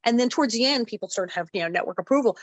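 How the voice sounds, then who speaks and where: A middle-aged woman telling stories as a guest in a casual interview, animated and acting out the voices she quotes. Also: a little high, rapid-fire, dry recording, rough recording. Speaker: guest actress.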